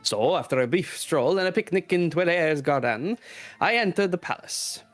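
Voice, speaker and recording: A man's voice: on the high side, lively intonation, moderate pace, faint music behind, pitched above the performer's own voice, natural voice. A man voicing a flamboyant, pompous male fox prince with a put-on mock Spanish accent and flowery, over-polite speech. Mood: grandiose.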